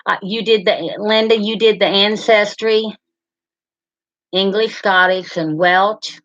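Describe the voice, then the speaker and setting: A middle-aged woman hosts a casual live chat, rambling between viewers' comments. Her voice is bright and her pace is unhurried. The sound is a little dull and lo-fi. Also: mid-range voice, steady tone. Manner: chatty, rambling, addresses viewers by name. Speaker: livestream host.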